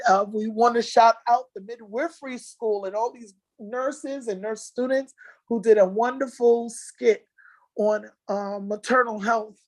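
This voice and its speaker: A woman presenting event slides in a casual, halting way, full of fillers and restarts, and moved to tears at times. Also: mid-range voice, darkish tone, dry recording, low-quality recording. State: tearful at times. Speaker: nursing association organizer presenting slides. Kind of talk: casual spoken slideshow recap.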